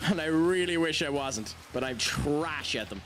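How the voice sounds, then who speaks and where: A chatty man streaming a game, his voice sitting fairly high for a man. He laughs often and pokes fun at himself. Game music plays clearly beneath him. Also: expressive, measured pace. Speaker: game streamer reading chat. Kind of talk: casual live-stream chat.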